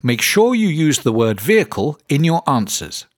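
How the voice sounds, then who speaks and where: A man teaching pronunciation in a slow, clearly enunciated lesson narration, drawing out each word for listeners to repeat. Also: a little high, very animated. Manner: deliberate, drawn-out modelling of words for repetition.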